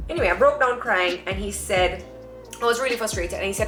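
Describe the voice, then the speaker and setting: A young Jamaican woman telling her own story in a chatty, animated way, acting out the voices of people she quotes. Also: mid-range voice, fairly quick. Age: young adult. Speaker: vlogger. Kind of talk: casual personal storytelling. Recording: echoey room with faint music.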